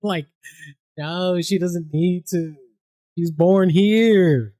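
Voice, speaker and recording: A man talks loosely to his stream audience, rambling from one thought to the next and peppering it with swearing and laughs. His voice sits a little on the high side for a man, and it is recorded close and dry with no room sound. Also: extremely slow, dark tone, no echo. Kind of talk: casual stream chat.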